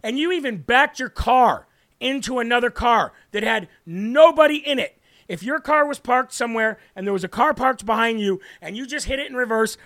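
Brash high-voiced male political host. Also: moderate pace, a bit bright, dry recording, studio quality. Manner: brash, emphatic, repeats for emphasis. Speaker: political talk show host. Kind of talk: live political commentary.

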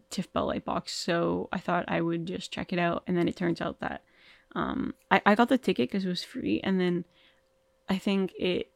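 A woman's voice: on the low side, creaky, dry recording. A woman hosting a casual film podcast monologue, sounding tired and yawning, rambling along with frequent likes, ums and restarts. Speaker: podcast host.

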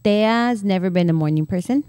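A woman's voice: medium pitch, normal speed, dark tone. A middle-aged woman co-hosting a casual podcast chat, telling blunt stories with quoted asides. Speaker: podcast co-host.

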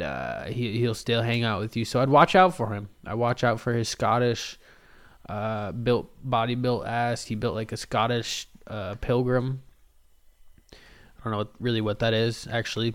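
A man's voice: mid-range voice, vocal fry. A young man hosting a podcast, rambling through a casual comedic monologue with crude jokes and lots of fillers and restarts. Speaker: podcast host.

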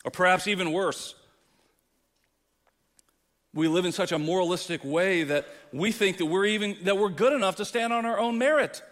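Male pastor, impassioned sermon delivery, slightly high voice, long hall echo. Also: moderate pace, pauses often. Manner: impassioned preaching, swings from quiet to loud.

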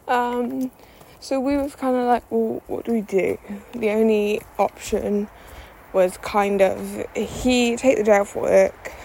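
A woman's voice: a little high, steady tone, slow pace, gravelly, a little mellow, a little hiss or hum, poor audio. A young woman telling a story as a podcast host, chatty and self-mocking, full of fillers and the odd swear. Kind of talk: casual storytelling monologue.

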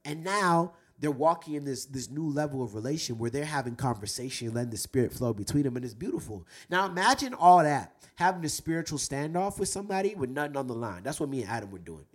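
A husky-voiced young man preaching to other men with earnest conviction. His voice sits at an ordinary middle pitch. He drags certain words out slowly when he wants them to land. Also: big pitch swings. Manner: earnest, exhorting, slows down for emphasis. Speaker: host speaking to men about faith. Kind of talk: preaching-style talk.

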